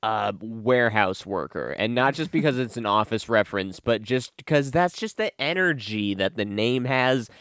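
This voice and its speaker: Wry deadpan man chatting. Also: fairly low pitch, moderate pace, hardly any pauses, clear, resonant tone, no room sound, studio quality. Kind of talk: casual chat.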